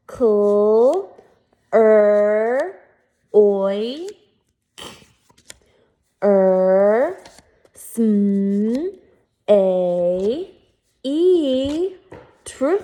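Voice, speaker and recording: Slow, clear-spoken woman teaching phonics. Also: on the high side. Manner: slow, clear and encouraging, stretching out words and syllables. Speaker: first grade teacher. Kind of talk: phonics lesson for young children.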